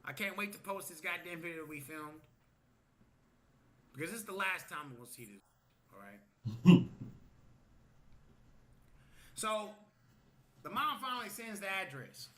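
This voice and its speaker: A man's voice: high voice, lively intonation, measured pace, pauses often. A man telling a story on a livestream in a casual way, swearing, acting out what people said, and ending lines with "okay?". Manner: tags lines with "okay?", swears, acts out quotes.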